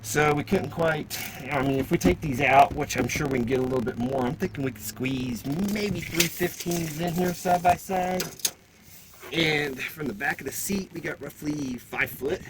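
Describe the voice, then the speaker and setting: Walking around a car outdoors, a car audio vlogger talks his viewers through his plans for it in a casual walkaround vlog, out of breath and addressing them as "guys." His rambling, plain-spoken voice is a little high and at normal speed, with background noise behind him.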